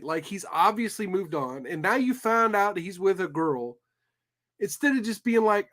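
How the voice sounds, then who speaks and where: A man's voice: sits high, expressive, moderate pace, a bit bright. A man hosting a livestream, reacting to a clip with profane, sarcastic commentary. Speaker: livestream host. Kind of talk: casual commentary on clips.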